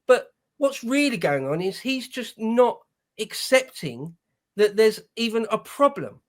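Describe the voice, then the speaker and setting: A man's voice: sits high, very animated, a little slow. A man hosting casual political commentary, heated and indignant, swearing as he vents.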